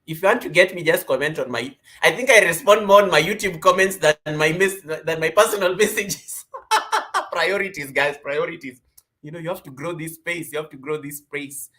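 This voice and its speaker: A man hosting a casual live stream from home, greeting viewers by name with lively energy. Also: on the high side, a little fast, hardly any pauses. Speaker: livestream host.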